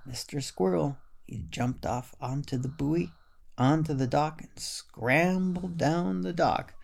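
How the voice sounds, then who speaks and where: A male storyteller reading a children's tale in a gentle, unhurried way. His voice is gravelly and husky, and he takes his time over each line. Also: mid-range voice. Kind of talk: storybook narration.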